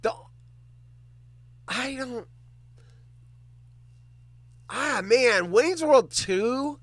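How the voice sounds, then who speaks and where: A man hosts a casual livestream and chats with his viewers, joking and cursing as he reacts to their comments. His voice sits high and swings widely in pitch, and the close, dry recording keeps it clear and near. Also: drawn-out words, dry recording. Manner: animated, joking, swears freely. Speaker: livestream host.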